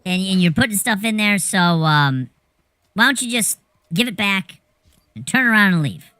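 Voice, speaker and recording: A woman's voice: medium pitch, lively intonation, sharp tone, no echo, pitched below the performer's own voice. A woman doing a stammering flustered man. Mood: pleading. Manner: stammering, halting. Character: flustered stammering adult man confronting a thief.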